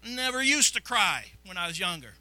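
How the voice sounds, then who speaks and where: Fervent bright-voiced preaching pastor. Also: male voice, high-pitched, sing-song, moderate pace, no echo, rough recording. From Illinois. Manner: fervent, repetitive preaching that swings from hushed to loud. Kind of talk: sermon. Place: church sanctuary.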